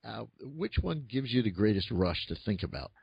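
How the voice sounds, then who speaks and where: A man's voice: on the low side, very animated, moderate pace, vocal fry, slightly rough, dry recording, lo-fi sound. A man from Philadelphia hosting a radio talk show, interviewing a guest with enthusiasm and stumbling restarts. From Philadelphia, USA.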